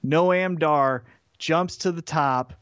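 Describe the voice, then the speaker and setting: A man telling a story on a podcast, his voice set a little high. He is lively and animated and slips into put-on voices for the quotes. The sound is dry and close. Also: slow pace, no room sound, muffled recording. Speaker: podcast co-host. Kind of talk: casual chat recapping wrestling.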